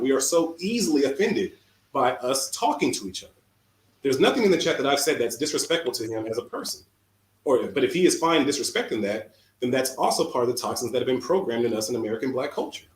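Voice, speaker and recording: A man on a livestream defending himself in a measured tone, insisting he stays calm. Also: mid-range voice, roomy sound. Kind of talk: heated argument.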